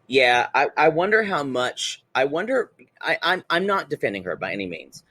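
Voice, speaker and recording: American man, podcast co-host, lively up-and-down voice, hedging, dry close mic. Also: fairly high pitch, no room sound. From United States. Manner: hedging, self-correcting, quick to laugh. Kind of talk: casual comedic TV recap chat.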